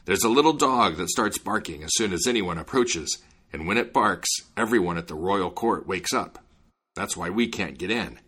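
Bluster and bulk: man doing gruff storybook giants, low husky tone, lots of swing in the pitch. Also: expressive, normal speed, a bit bright, exaggerated voice. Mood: scheming. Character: three huge brutish male giants.

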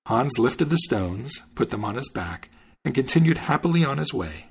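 Male podcast host narrating folk tales; gravelly, husky voice with plenty of pitch movement. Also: very animated, moderate pace. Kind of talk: storybook narration.

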